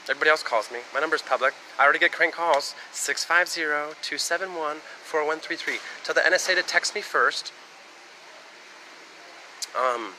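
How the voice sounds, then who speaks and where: A man's voice: on the high side, fairly quick, pushed and bright, a little hiss or hum, low-quality recording. A man from the United States talking on a live stream in a rambling, casual monologue that jumps between topics and swears freely.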